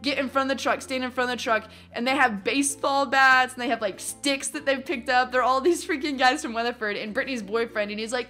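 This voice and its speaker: A young adult woman telling a story from her teens in a casual vlog, animated and acting out what other people said. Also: sits high, brisk, few pauses, soft background music. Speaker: vlogger.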